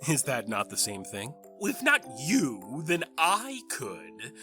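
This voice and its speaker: A man voicing a formal, measured stallion commander who teases dryly, in a fan audio drama. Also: medium pitch, huge pitch swings, sharp tone, faint music behind, exaggerated voice.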